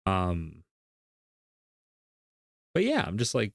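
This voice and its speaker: A man's voice: mid-range voice, animated, quick pace, a bit bright, dry recording, clean studio sound. A man streaming, telling a story in casual chat, rambling and full of fillers.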